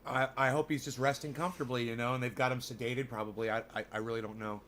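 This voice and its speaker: A man livestreaming and chatting with his viewers, swearing freely and ranting between long filler pauses. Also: mid-range voice, level tone, fairly bright tone, a little hiss or hum. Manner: profane, ranting, full of fillers. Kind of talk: casual livestream chat.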